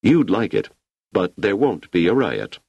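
A man reading as a middle-aged professor who speaks with formal authority. The voice is a touch higher than the reader's own deep tone, lively in pitch, and gravelly underneath. It is recorded dry and close. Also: measured pace, no echo, heavily acted. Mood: commanding.

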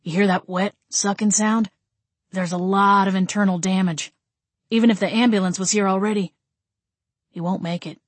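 A woman's voice: medium pitch, steady tone, moderate pace, pauses often, no echo, natural voice. A woman doing a blunt older male vampire. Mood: grim urgency. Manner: blunt, matter-of-fact.

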